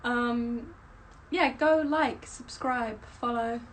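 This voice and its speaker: A woman's voice: a little high, very slow, slight background noise, rough recording. A young woman, a stage performer, rambling chattily with lots of fillers on a casual live stream.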